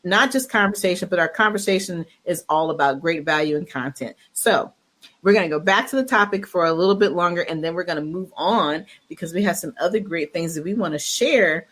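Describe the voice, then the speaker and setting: A woman's voice: on the low side, fairly quick, a bit bright. A woman co-hosting a casual podcast, upbeat and talkative, with many fillers and restarts. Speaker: podcast co-host.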